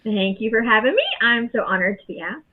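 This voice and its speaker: A woman's voice: fairly high pitch, fairly quick. A woman from the Southern United States with a Southern accent, chatting casually as a podcast guest. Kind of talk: casual interview chat. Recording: phone-like call audio.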